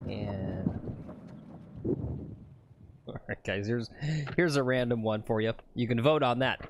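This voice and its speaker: A man's voice: fairly low pitch, slow, very noisy. Joking man co-hosting a golf stream. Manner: joking, teasing, reads viewer comments. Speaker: co-host of golf livestream. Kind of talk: casual chat. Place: golf course outdoors.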